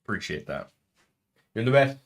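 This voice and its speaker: A man's voice: on the low side, sing-song, moderate pace, gravelly. A man streaming casually at home, chatting through a food tasting and dropping in Spanish words.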